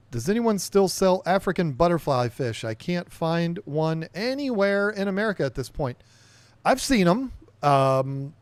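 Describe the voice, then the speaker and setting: A man hosts a casual livestream podcast, his voice pitched a little high and recorded dry and close. He rambles from topic to topic, reading viewer comments aloud and answering them as he goes. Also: no room sound. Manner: rambling, reads viewer chat aloud and chats back.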